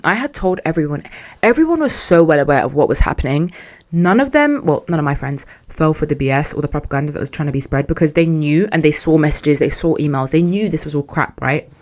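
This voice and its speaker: A young woman hosting a podcast, telling a story in a casual, animated and sarcastic way, full of slang. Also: deep voice. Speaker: podcast host.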